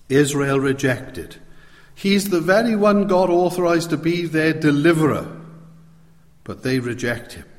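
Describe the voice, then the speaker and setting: A man giving an expository sermon, reading scripture aloud slowly and with heavy stress on key words. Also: mid-range voice. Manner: reads scripture aloud with slow, emphatic stress. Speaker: preacher. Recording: long hall reverb.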